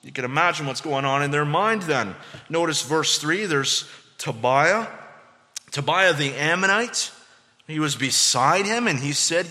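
A male preacher delivering an earnest expository sermon. His voice sits high and sounds bright and forceful. A long reverb trails each phrase, as in a large church hall. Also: lively intonation, moderate pace. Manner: earnest preaching, voice rising high when voicing the mockers.

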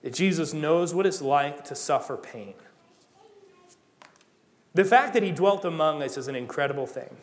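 A man's voice: a little high, moderate pace, long pauses. Man preaching in a reverberant hall. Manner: animated, conversational preaching with rising emphasis. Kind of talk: sermon.

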